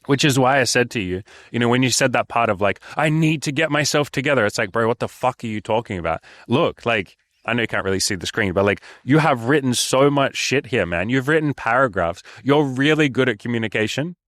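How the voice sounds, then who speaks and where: A man's voice: mid-range voice, animated, brisk, a bit bright, no room sound. A man giving frank, casual dating advice, swearing freely and calling the listener brother. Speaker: dating coach.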